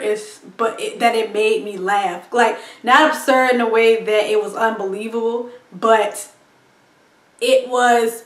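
A woman with a fairly high voice gives a loose, rambling film review, stumbling through restarts and breaking into laughter. She sits back from the mic in an echoey room. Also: a bit bright, recorded from a distance. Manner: chatty, rambling, laughs often, lots of ums and likes. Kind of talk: casual movie review monologue.

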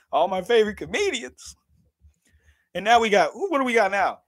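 A man's voice: high-pitched, big pitch swings, moderate pace, no room sound, clean studio sound. A man in his thirties chatting casually on a livestream, laughing often, swearing freely and talking straight to his viewers. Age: 30s.

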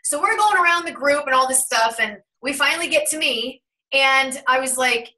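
A woman in her thirties from Ohio, hosting a spiritual channel and telling a personal story in a casual, animated way, acting out what people said. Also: sits high, normal speed, distant mic, rough recording. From Ohio, USA. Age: 30s. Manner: animated storyteller, acts out quoted remarks. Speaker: host of a tarot and numerology channel.

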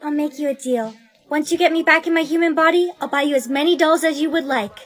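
A woman's voice: sits high, fast, natural voice. A woman voicing an anxious teen girl trapped inside a doll, urgent and pleading. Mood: earnest.

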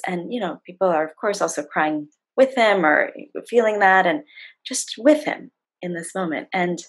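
A woman's voice: mid-range voice, husky, poor audio. A middle-aged woman on a video call, telling a story from her work as a facilitator and acting out the quotes of the people in it. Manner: warm, animated retelling with acted-out quotes. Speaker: facilitator and guest. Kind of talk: storytelling in a conversation.

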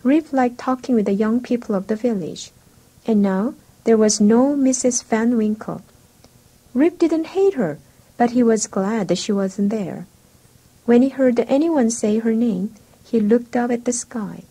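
A woman reading a storybook aloud for English learners, slow, clear and even. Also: on the high side, poor audio. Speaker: audiobook narrator.

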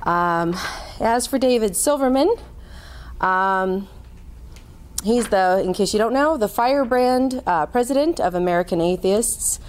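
A woman's voice: mid-range voice, animated, a little slow. A woman hosting an event, introducing the guest speaker in an informal, chatty way with many fillers. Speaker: event host.

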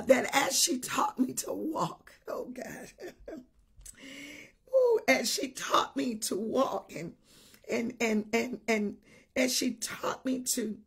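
A woman's voice: on the high side, a bit bright, husky. A woman bishop preaching a livestream sermon, greeting viewers by name and repeating her points emphatically with frequent hallelujahs.

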